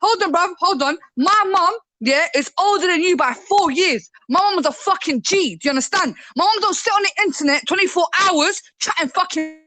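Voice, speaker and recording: High-voiced confrontational young London woman. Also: a little fast, hardly any pauses, bright, forceful tone, dry recording. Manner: confrontational, swears, slangy. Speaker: panelist on a live debate stream. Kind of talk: heated live debate.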